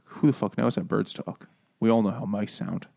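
A man's voice: lowish voice, fairly even intonation, moderate pace, gravelly, dark tone. A man co-hosting a casual book-and-beer podcast, rambling, swearing freely and laughing often. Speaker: podcast co-host. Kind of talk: casual book chat over beers.

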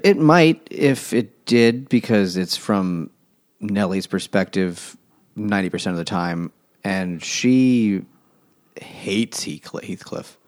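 A man's voice: fairly low pitch, darkish tone. A man in casual book talk, rambling and sarcastic, mocking characters as he goes. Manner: rambling, sarcastic, mocks characters in silly voices.

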